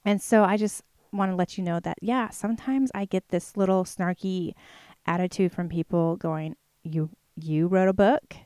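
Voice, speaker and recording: A woman's voice: fairly low pitch, steady tone, normal speed, darkish tone, smooth, no echo. A woman author sharing a personal faith testimony in a chatty, earnest way, with many fillers. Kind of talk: casual testimony to camera.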